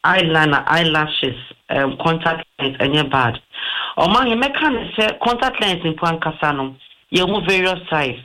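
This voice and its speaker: A man's voice: fairly high pitch, pushed and bright, poor audio. A man with a Ghanaian accent, an eye doctor giving health advice on a talk show, explaining patiently and mixing in English terms.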